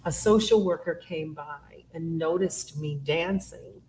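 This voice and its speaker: Low-voiced woman author, unhurried. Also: a little mellow, a little hiss or hum, poor audio. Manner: unhurried, frequent um pauses. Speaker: author and interview guest. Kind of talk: conversational interview.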